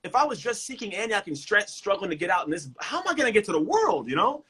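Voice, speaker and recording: Brief: male motivational coach, talks quickly and energetically with a bright, slightly husky voice. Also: high voice, poor audio. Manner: energetic, emphatic, repeats words. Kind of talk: casual motivational talk. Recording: livestream guest.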